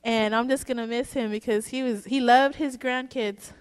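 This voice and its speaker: A woman with a fairly high, clean voice gives a casual, joking eulogy for her father at a church service, chatting through stories at a moderate pace with fairly even intonation. Long church-hall reverb fills the recording.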